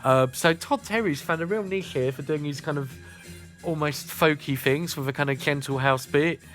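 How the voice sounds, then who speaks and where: A man's voice: a little high, normal speed, a bit bright, faint music behind. A man with a southern English accent from Kent and Sussex, chatting casually as a radio host between songs, with many "uh" fillers. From South East England. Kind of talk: casual music radio chat.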